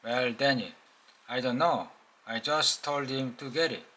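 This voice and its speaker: Korean-accented man playing a gruff impatient engineer, slow, bright. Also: medium pitch. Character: blunt impatient male engineer.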